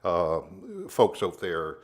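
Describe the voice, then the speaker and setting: A man co-hosting a podcast who asks his questions politely, in a halting way with many fillers. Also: deep voice, fairly even intonation. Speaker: podcast co-host. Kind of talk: casual interview chat.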